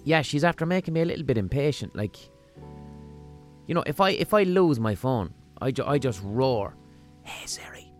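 A podcast host with a Limerick Irish accent rambles through a casual comic monologue, profane and deadpan funny. His mid-range voice moves at a normal speed over soft background music.

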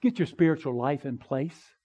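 A man's voice: fairly high pitch, animated, normal speed, warm tone. Middle-aged man, conversational sermon, raised voice, muffled lo-fi sound. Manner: conversational preaching, frequent "okay?" and "right?" asides. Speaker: preacher.

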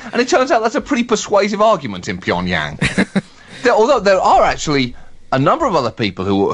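A man co-hosting a comedy podcast, speaking in brisk, sardonic satirical banter and laughing at his own jokes. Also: on the high side, a bit bright.

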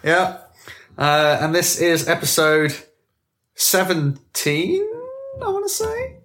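Joking host of a hobby podcast. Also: male voice, fairly high pitch, huge pitch swings, slow, fairly bright tone. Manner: jokey, teasing, swears casually. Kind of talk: casual banter among friends.

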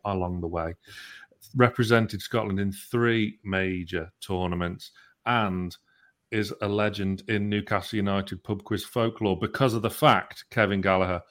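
Chatty young man hosting, low voice. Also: fairly bright tone. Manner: chatty, hesitant with many ums, playful. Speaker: podcast host. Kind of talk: casual chat and interview hosting.

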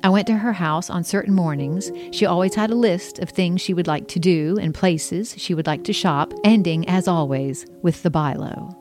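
Low-voiced woman reading her own memoir. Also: moderate pace, few pauses, a little mellow, soft background music. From American South. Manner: conversational, wry storytelling with lightly acted dialogue. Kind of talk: audiobook memoir narration.

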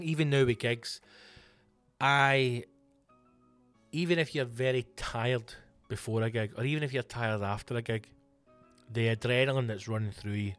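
Speaking directly to his listeners, a Scottish man in a mid-pitched voice hosts a comedy podcast solo. He swears freely and takes on a mock-grand air when answering their questions, faint music playing underneath and no echo in the recording.

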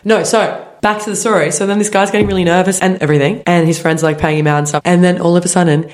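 A woman in her twenties tells a story on a casual podcast. Her voice sits fairly low. She talks with energy and laughs along the way. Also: steady tone, fast. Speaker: podcast co-host. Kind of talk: casual chat.

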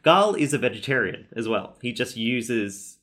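A man's voice: medium pitch, lively intonation, moderate pace, a bit bright. A man hosting a podcast, chatting casually and rambling with lots of fillers and restarts. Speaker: podcast host. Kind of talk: casual chat.

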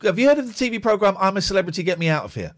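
A middle-aged man hosting a call-in live stream, chatting casually and teasing callers with deadpan jokes. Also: very fast. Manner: teasing, deadpan jokes, lively swings in pitch. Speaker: live stream host taking phone calls. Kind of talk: casual joking chat with callers.

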